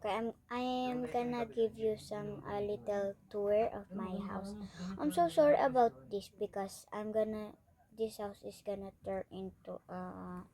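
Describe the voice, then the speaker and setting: A woman's voice: medium pitch, moderate pace. A young woman chatting casually as a vlogger, often apologizing and exclaiming "oh my gosh.". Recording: loud conversation of people nearby. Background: people talking loudly about work.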